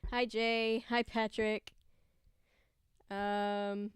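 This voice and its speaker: A woman's voice: mid-range voice, little pitch movement, extremely slow, clean tone. A young woman hosting a casual livestream, chatting and greeting viewers by name. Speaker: livestream host.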